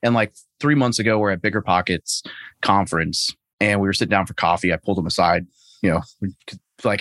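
A man's voice: low voice, animated, a little fast, a bit bright, no room sound. A man on a remote call as a podcast guest, talking casually and self-deprecatingly, with lots of fillers and restarts. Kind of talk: casual conversation.

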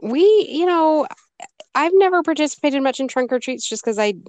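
A woman's voice: high voice, expressive, normal speed, darkish tone, no room sound. A woman co-hosting a podcast in casual chat, speaking thoughtfully and a little hesitantly. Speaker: podcast co-host.

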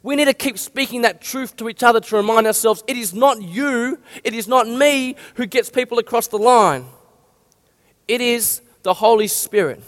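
A man's voice: sits high, a bit bright. A man, preaching an earnest, direct sermon. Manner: earnest, direct, rallying exhortations. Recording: long hall reverb.

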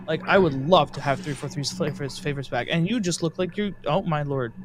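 A man co-hosting a casual gaming podcast, animated and teasing in his banter. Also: on the high side, brisk, slight background noise. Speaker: podcast co-host.

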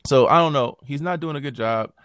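A man hosting a podcast, talking politics in a casual, animated way, full of slang and swearing and quick impressions of other people. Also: mid-range voice, clean tone, dry recording, clean studio sound. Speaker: podcast host.

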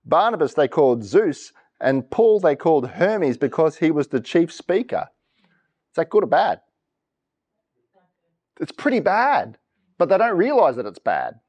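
Lively man preaching interactively. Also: a little high, a little slow, pauses often, breathy edge. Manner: lively, asks congregation for reactions. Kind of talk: interactive sermon. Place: church.

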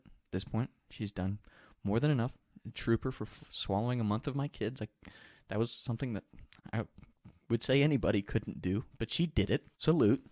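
A man tells a candid personal story in a casual, profane way, laughing along as he goes. His pitch swings widely from line to line, and the sound is dry and close with no room echo. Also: expressive, brisk.

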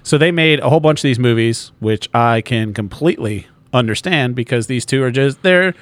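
A man's voice: medium pitch, a little fast, dry recording. Podcast cohost guy, blunt, swears a lot, dry mic sound, mid voice. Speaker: podcast co-host. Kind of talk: casual chat.

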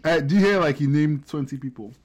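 A man co-hosting a podcast in casual chat, excitable, laughing often and quick to agree. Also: on the high side. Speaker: podcast co-host.

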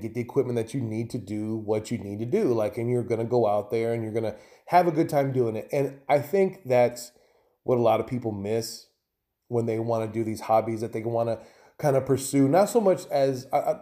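A man's voice: mid-range voice, fairly quick, warm tone. A man hosting his own podcast in a loose, rambling, profane way, chatting casually on his own. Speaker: podcast host. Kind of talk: casual solo podcast talk.

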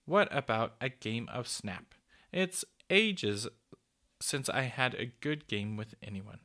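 A man voicing a kindly, motherly old female cuckoo bird who talks slowly and gently. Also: mid-range voice, expressive. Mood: cozy.

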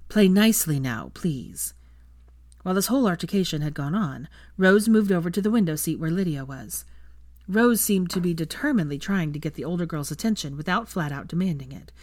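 A woman reading fan fiction aloud as steady audiobook narration. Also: lowish voice, fast, no room sound.

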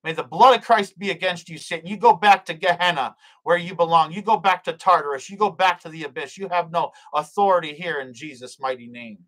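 A man's voice: on the high side, brisk, hardly any pauses, pushed and bright, low-quality recording. A man preaching and praying on his own live stream, fervent and repetitive, often stumbling and restarting his words. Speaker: livestream preacher.

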